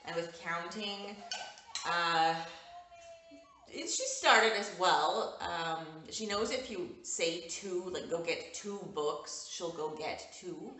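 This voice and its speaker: A woman's voice: lowish voice, slow, pushed and bright, soft background music. A young woman vlogging casually to camera from home, rambling and laughing often. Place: indoors at home with window light. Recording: roomy echo, distant mic, faint noise.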